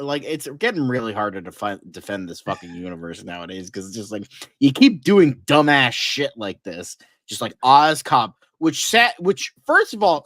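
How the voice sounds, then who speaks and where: A man's voice: a little high, a bit bright, dry recording. A young man co-hosting a casual podcast, ranting with heavy profanity and exasperated sarcasm. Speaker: co-host.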